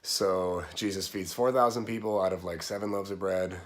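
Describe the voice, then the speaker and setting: A man with a somewhat low voice walks through a Bible passage in casual commentary. His delivery is relaxed and conversational, slipping in everyday slang. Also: moderate pace. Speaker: Bible teacher.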